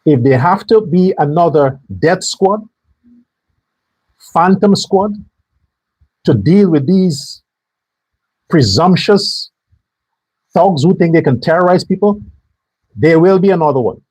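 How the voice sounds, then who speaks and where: A man's voice: high-pitched, expressive, slow, long pauses, darkish tone, breathy edge, poor audio. A man hosting a political commentary show, ranting angrily and bluntly, swearing and hammering his points through repetition. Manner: angry, blunt and profane, hammering phrases by repetition.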